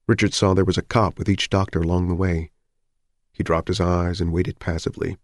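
A man narrating a novel in an even, measured audiobook reading. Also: deep voice, no room sound, studio quality.

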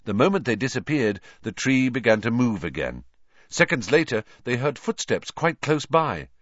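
A male audiobook narrator with a mid-pitched voice that rises and falls in a lively, animated storytelling style. The recording is dry and close, with a slightly dull, muffled top end. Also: moderate pace, no room sound. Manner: expressive, animated reading.

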